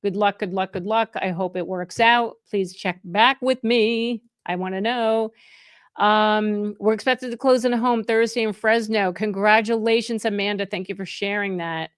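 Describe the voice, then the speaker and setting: Her voice is medium-pitched and smooth, moving at a moderate pace in a dry, clean studio recording. This middle-aged New Jersey real estate agent is live streaming casually, reading comments and excitedly calling out viewers by name.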